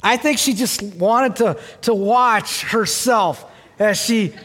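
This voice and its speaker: A man's voice: sits high, slow, fairly bright tone. An older man preaching a sermon, telling a personal family story in a conversational way and addressing the congregation directly. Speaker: pastor. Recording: long hall reverb.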